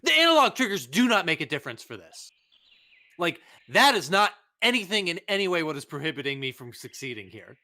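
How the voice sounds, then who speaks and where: A man's voice: fairly high pitch, big pitch swings, fairly quick, bright, forceful tone. A man hosting a let's play, commenting on his gameplay in an exasperated way and swearing often. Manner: exasperated, swearing, frustrated ranting.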